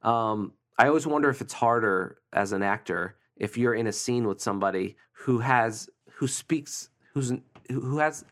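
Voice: mid-range voice, normal speed, few pauses. Laid back co-host, agrees a lot, talks movies casually. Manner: relaxed, agreeable, lots of yeahs and restarts. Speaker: film review podcast co-host. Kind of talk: casual chat.

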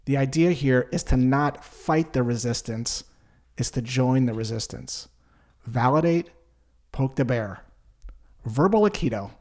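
Calm man teaching sales. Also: mid-range voice, measured pace. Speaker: sales trainer. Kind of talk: explanatory sales lesson.

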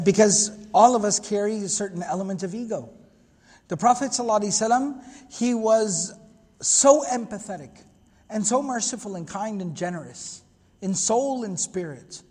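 A man's voice: high voice, darkish tone, big-room sound. A man giving an earnest religious history lecture, explaining at length and quoting Arabic passages. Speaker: Islamic lecturer.

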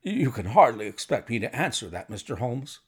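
A man's voice: mid-range voice, very animated, moderate pace, husky. A man playing a jittery, nervous fat man. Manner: jittery, pleading. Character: fat, nervous, jumpy middle-aged man.

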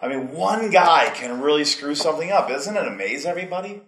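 A man's voice: fairly high pitch, lively intonation, brisk, a bit bright. A man speaking at a group meeting, talking casually and rambling, getting heated at times. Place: meeting hall. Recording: echoey meeting room.

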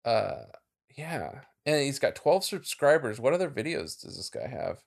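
A man's voice: medium pitch, big pitch swings, moderate pace, creaky. A man co-hosting a podcast in casual chat, laughing often and trailing off into fillers. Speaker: podcast co-host.

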